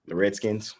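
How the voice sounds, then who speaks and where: A man's voice: lowish voice, a bit bright, slightly rough. A man co-hosting a live sports betting picks show, blunt and trash-talking as he gives his plays.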